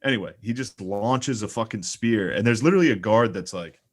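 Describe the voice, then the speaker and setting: A man's voice: lowish voice, brisk. A man, a comedian guest on a podcast, telling a story in a laid-back, joking way. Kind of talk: casual comedy podcast banter.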